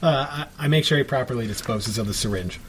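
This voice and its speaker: A man's voice: mid-range voice, fast, slight background noise. Careful man at a game table. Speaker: player.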